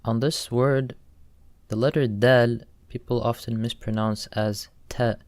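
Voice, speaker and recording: Slow, careful male recitation teacher. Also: mid-range voice, steady tone, no room sound. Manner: slow, careful, demonstrates Arabic sounds. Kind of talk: recorded lesson.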